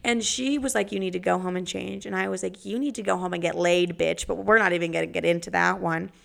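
Brash, foul-mouthed young woman with vocal fry. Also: fairly low pitch, fairly even intonation, quick pace. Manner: brash, profane, and sarcastic. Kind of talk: storytime monologue.

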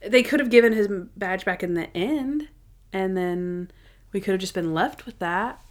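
A woman's voice: mid-range voice, moderate pace. A young woman co-hosting a casual chat, recapping episodes in a chatty way. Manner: chatty, acts out scenes in voices.

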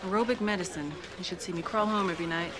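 A woman's voice: on the low side, fast talker, noisy background, natural voice. An actress playing a wry, guarded young woman working in a hospital, answering in a dry tone.

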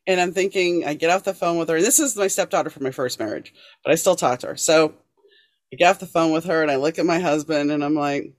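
A woman hosting a podcast, telling stories calmly and measuredly but animated when she quotes others. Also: deep voice, no room sound, clean studio sound. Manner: storytelling, animated when quoting, calm and measured between quotes. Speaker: podcast host. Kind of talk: casual interview conversation.

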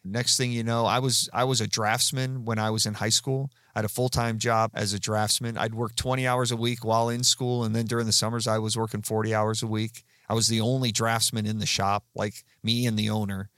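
A man's voice: on the low side, little pitch movement, a little fast, hardly any pauses, a bit bright, no room sound, studio quality. A man in his fifties casually telling rambling stories about his career as a guest, with fillers and restarts. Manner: chatty, rambling anecdotes with frequent fillers and restarts. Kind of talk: casual storytelling.

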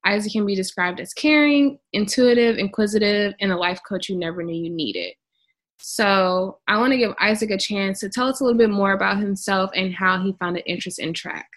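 A woman from Inglewood co-hosting a podcast, chatting in an upbeat, relaxed way and introducing a guest. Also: medium pitch, fairly quick. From Inglewood, California. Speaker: podcast co-host.

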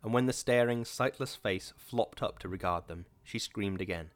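Low-voiced male audiobook narrator. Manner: measured, dramatic reading. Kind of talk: scripted narration.

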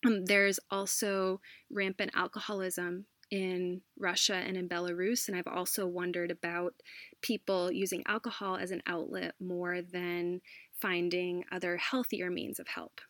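A woman, a teacher, speaking in an earnest, reflective and conversational way, with occasional soft laughs. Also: on the low side, little pitch movement, measured pace, no echo. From United States. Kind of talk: casual conversational storytelling.

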